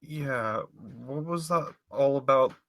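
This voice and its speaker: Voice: mid-range voice, slow, a bit bright. A player in a tabletop game speaking hesitantly, stumbling and restarting. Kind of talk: playing a character in a tabletop game.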